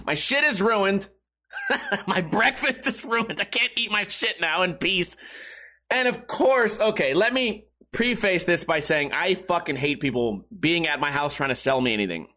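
A man with a fairly high speaking voice rants in a loose, profane comedic monologue. He laughs at his own jokes and breaks off into quick asides. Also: animated, sharp tone. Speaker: comedy podcast host.

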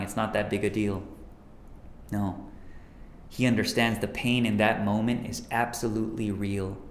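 A man preaching a sermon as pastor, earnest, dropping to a hush on key lines. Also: mid-range voice, reverberant, slight background noise.

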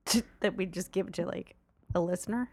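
A young woman co-hosting a podcast, joking around playfully with quick reactions. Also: lowish voice, darkish tone. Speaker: podcast co-host. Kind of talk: casual chat.

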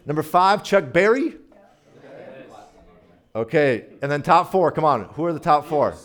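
A man's voice: a little high, expressive, unhurried. Chatty playful man preaching. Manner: chatty, playful, talks directly to the audience. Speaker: guest preacher. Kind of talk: casual sermon.

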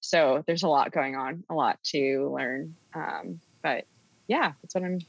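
A woman's voice: deep voice, measured pace, gravelly, dry recording, highs cut off. A young adult woman as a podcast guest, earnest, with many ums. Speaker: podcast guest, art teacher. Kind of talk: casual interview.

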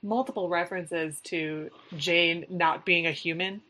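Female co-host, dry wit, low-ish but bright crisp voice. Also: steady tone, a little slow. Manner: understated, dry humor. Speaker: podcast co-host. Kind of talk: casual chat.

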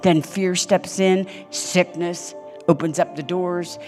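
An older woman preaching a sermon on a church stage, telling stories emphatically with sudden loud peaks. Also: lowish voice, fairly even intonation, takes it slowly, faint music behind.

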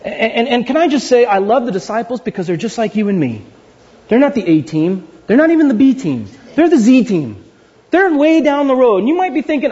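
A man preaching a sermon, animated and playful, with frequent asides and words repeated for emphasis, heard on a dull lo-fi recording. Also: very high-pitched, fairly quick, breathy edge. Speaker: pastor.

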